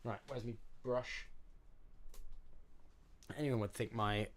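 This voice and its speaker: A man's voice: medium pitch, steady tone, slow pace, slight background noise. A young man chatting casually on a live stream while building props, reading out chat and joking about his own mess. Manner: chatty, self-mocking, reads chat aloud and answers.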